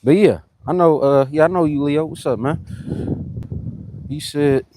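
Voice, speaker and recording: A man's voice: a little high, measured pace, dark tone. A man chatting loosely and rambling on a live fitness stream, greeting commenters between his workout sets. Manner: loose and rambling, greets commenters, keeps saying "you know what I'm saying". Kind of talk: casual live-stream chat to viewers.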